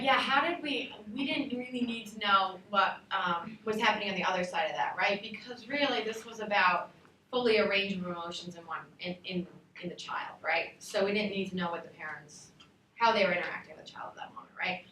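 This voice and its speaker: Woman teacher, animated, questions the class, bright voice, echoey classroom. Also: medium pitch, a little fast. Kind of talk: class feedback discussion. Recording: roomy classroom, from far off, faint noise.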